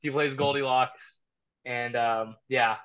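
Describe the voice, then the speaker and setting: A man co-hosting a casual film review chat, enthusiastic but halting, with many restarts. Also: mid-range voice, steady tone, a loud crowd. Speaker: podcast co-host. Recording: dull lo-fi sound.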